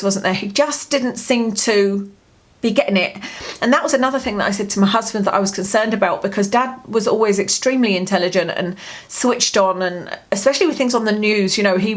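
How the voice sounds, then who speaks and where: A woman speaking to camera from home in a personal diary vlog. Her voice sits at a middle pitch, and her storytelling is candid and rambling, looping back with plenty of fillers. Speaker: vlogger.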